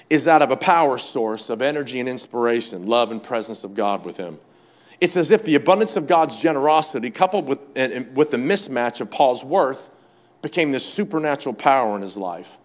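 A man preaching a sermon, impassioned and emphatic, calling out to the congregation and swinging between loud high bursts and low quiet lines. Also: animated, normal speed. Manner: repetitive, emphatic lists; calls out to the congregation.

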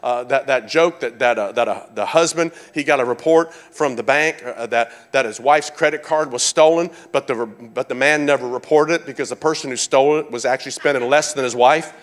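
A man preaching a sermon, animated, calling out to his congregation and repeating phrases for emphasis. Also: medium pitch, fairly quick, few pauses. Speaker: pastor.

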